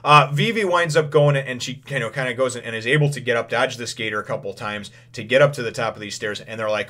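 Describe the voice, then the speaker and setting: A man's voice: medium pitch, fast, hardly any pauses, sharp tone. Rambling man recapping a story casually. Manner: rambling, many fillers like "you know"; chuckles now and then. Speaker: channel host reviewing comic chapters.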